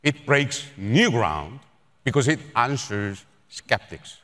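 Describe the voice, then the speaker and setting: Keynote presenter, man, unhurried formal delivery, big echoey hall. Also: medium pitch, big pitch swings, bright, forceful tone. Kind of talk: product launch keynote speech. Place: large auditorium stage. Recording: echoey auditorium with long reverb.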